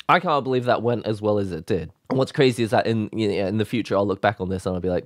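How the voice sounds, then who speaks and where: A man hosting a casual vlog, talking excitedly and emotionally in a rambling way. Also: lowish voice, fast, few pauses, dry recording. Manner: excited, rambling, with laughs and sighs. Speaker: YouTube host.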